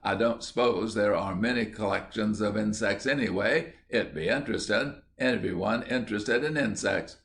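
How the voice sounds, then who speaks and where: A man's voice: fairly low pitch, moderate pace, hardly any pauses, fairly bright tone, slight background noise. A man voicing a bossy, stubborn schoolboy leader who speaks sternly and crushes his friends' objections in an audiobook.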